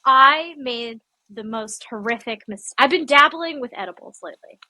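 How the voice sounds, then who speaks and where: Bright-voiced young woman telling funny stories. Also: high voice, normal speed, no echo. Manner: animated storytelling with comic exaggeration. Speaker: podcast co-host. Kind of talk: casual chat. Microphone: casual room recording while packing.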